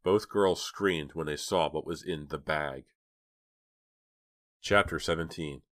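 Man, audiobook narrator, very low voice, steady scripted narration. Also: slow. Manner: steady, even storytelling.

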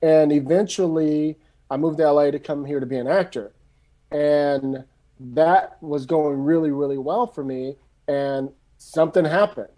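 A middle-aged man from San Francisco, a screenwriter telling his story in a loose, animated, casual way and swearing freely. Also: fairly high pitch, measured pace. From San Francisco, USA. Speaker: screenwriter guest.

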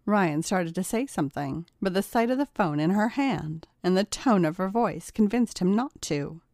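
A woman's voice: mid-range voice, lively intonation, normal speed, darkish tone, no room sound. Woman narrating a story in a dry, close recording. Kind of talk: scripted narration.

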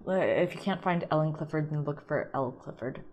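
A woman hosts a podcast alone, chatting with a playful, self-mocking ease. Her voice sits notably low for a woman. She is from St. Louis and drops quick asides. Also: darkish tone, dull audio, slight background noise. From St. Louis, USA. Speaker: wine podcast host. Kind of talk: casual solo podcast monologue.

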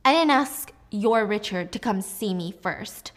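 A woman's voice: mid-range voice, animated, unhurried, lightly acted. A woman voicing a resentful rich man who confronts his former lover. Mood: accusing. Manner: tense, accusing.

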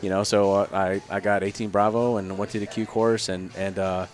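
A man's voice: lowish voice, brisk. A man in his thirties, a former soldier, casually telling stories and acting out the people he quotes, with some swearing. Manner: animated storyteller who acts out quoted voices, swears freely. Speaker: podcast guest, former Army Ranger and Green Beret. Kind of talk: casual storytelling chat.

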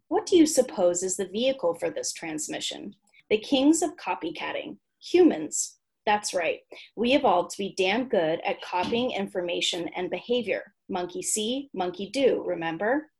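Husky woman reading with wry asides. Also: medium pitch, a little mellow. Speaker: podcast co-host. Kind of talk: reading a written entry aloud, casual chat.

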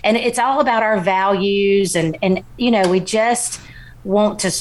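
A woman's voice: medium pitch, a little slow, slight background noise. A woman, a small-business founder, talking eagerly and upbeat as an interview guest. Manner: upbeat and eager, laughs easily. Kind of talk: casual interview talk.

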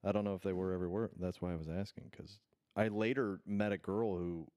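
Animated, swearing storyteller man from Indiana. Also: deep voice, fairly quick, no echo, clean studio sound. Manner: animated storyteller, swears freely, acts out quotes. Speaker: podcast co-host, actor. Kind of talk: casual chat, storytelling.

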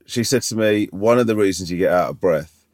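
A man's voice: fairly low pitch, brisk, a little mellow. A man co-hosting a podcast, teasing his friend in dry, sarcastic casual chat. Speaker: podcast co-host.

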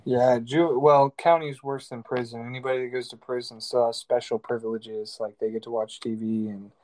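A man's voice: mid-range voice, little pitch movement, moderate pace, a little mellow. A man as a guest in a casual chat, speaking in a laid-back, plain-spoken way. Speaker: podcast guest.

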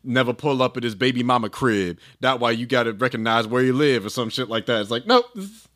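A man co-hosting a casual album review chat, animated and slangy, acting out quotes in funny voices. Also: mid-range voice, quick pace. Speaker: podcast co-host.

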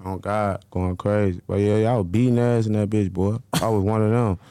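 A man talks through his stories in a loose, slangy style. His voice comes across smooth and clear. He gets animated and acts out what other people said. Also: lowish voice, moderate pace, no room sound. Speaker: interview guest. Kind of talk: casual interview storytelling.

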